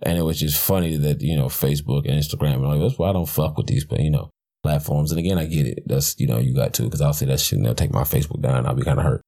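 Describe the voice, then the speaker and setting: A man's voice: extremely low pitch, fast talker, mellow. A man hosting a podcast, talking in a blunt, profane, rambling way with frequent restarts. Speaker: podcast host. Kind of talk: casual rambling commentary.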